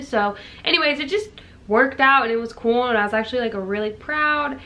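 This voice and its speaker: A woman's voice: fairly quick, bright, forceful tone. Chatty young woman vlogger, slangy. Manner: jumps high when quoting herself. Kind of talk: casual storytelling to camera.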